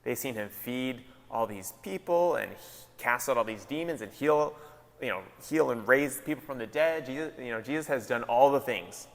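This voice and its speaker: A man, a pastor, giving a casual, joking sermon with lively retellings. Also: mid-range voice, moderate pace, creaky, long reverb tail. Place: large hall.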